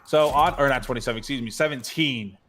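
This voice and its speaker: Male esports caster, rapid jokey play-by-play, noisy game audio behind. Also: mid-range voice. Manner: fast, excitable, jokey. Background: game gunfire and clicks.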